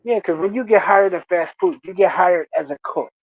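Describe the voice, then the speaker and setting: A man casually telling stories about his old fast-food job, animated and laughing often. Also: high-pitched, no room sound, phone-quality sound. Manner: animated, laughs often, acts out coworkers' voices. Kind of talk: casual storytelling chat.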